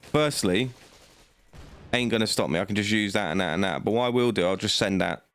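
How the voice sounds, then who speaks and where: A man's voice: lowish voice, fairly quick, a bit bright, no echo. A man, giving cocky, trash-talking commentary as he plays a card game. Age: late 20s. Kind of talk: gameplay commentary.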